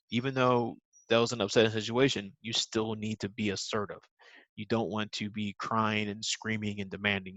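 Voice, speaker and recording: A man's voice: lowish voice, fairly bright tone, no room sound, poor audio. A man teaching a recorded lesson to young children, patient and simple in his wording, with many ums.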